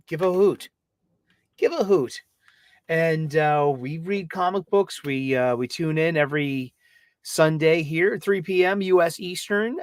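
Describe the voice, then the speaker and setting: A middle-aged man, hosting a casual livestream chat, who gets excited and lets his voice jump into higher registers. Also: no echo. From Boston. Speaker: livestream host.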